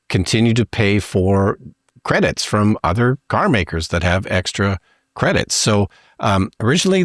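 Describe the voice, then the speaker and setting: Canadian guy, podcast host, lowish voice, easygoing news rundown, dead dry mic. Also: no echo. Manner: relaxed, reads news with many fillers. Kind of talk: casual news discussion.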